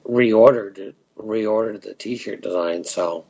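A man raised in Texas and Arizona answering interview questions in a halting, rambling way. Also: lowish voice, mellow, dull audio. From Texas and Arizona, USA. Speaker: interview guest.

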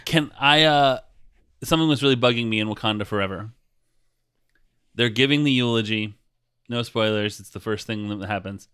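A man co-hosting a podcast in casual chat, joking with quick asides. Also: medium pitch, fairly bright tone, smooth, dry recording, studio quality. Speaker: podcast co-host.

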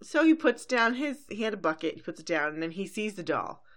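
A woman co-host chatting casually about a cartoon episode. She is animated and slips into quick character voices as she narrates what happens. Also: medium pitch. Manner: animated, acts out characters' lines while retelling. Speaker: podcast co-host. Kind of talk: casual recap chat.

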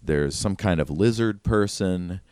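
A man's voice: deep voice, measured pace, darkish tone, no room sound, studio quality. A man narrating a tabletop game as game master, in a loose, chatty way full of fillers.

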